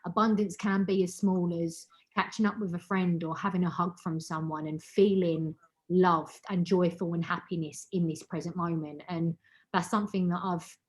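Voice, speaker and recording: A woman's voice: lowish voice, steady tone, normal speed. A woman hosting an online wellbeing meeting, giving a heartfelt, emotional motivational talk over a video call and repeating words for emphasis.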